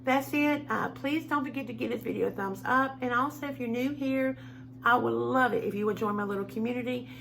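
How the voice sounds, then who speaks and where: A middle-aged woman chatting warmly and rambling to her home-video viewers. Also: fairly high pitch, brisk, gravelly, a little hiss or hum. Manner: chatty, rambling, heartfelt, says y'all a lot. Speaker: home decor vlogger. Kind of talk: casual chat to camera. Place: at home, indoors.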